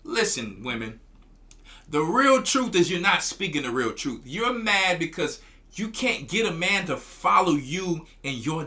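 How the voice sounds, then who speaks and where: A man's voice: on the high side, pushed and bright. A man, a church elder, preaching commentary in a scolding tone, often stumbling and repeating his words.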